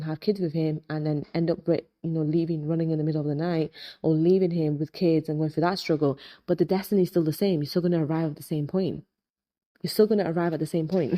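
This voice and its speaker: A woman in her thirties with a low, mellow voice talks to her listeners in a motivational, faith-based tone. She hammers her points home by repeating key phrases, slowing down on the lines that matter. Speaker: podcast host and hypnotist. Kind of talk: motivational religious talk.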